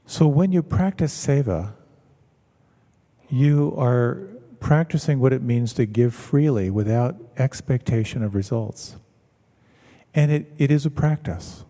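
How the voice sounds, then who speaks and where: A man, a meditation teacher, giving a measured, reflective talk and telling stories to an audience in a large hall. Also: mid-range voice, dark tone. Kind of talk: dharma talk.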